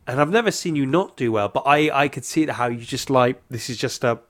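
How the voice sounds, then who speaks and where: A man, a stand-up comedian, chatting casually and telling stories in an animated, rambling way. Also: mid-range voice, fast. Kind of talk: casual podcast chat.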